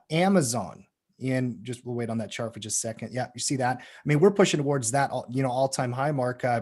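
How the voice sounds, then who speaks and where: A man's voice: mid-range voice, breathy edge. Man, market-show host, casual conversational chat, directs co-hosts.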